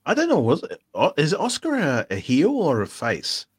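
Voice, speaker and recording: A man's voice: fairly high pitch, wildly swooping pitch, moderate pace, breathy edge. A man co-hosting a casual live-stream podcast, talking in a rambling way with many restarts. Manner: rambling, with frequent restarts and fillers. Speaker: podcast co-host.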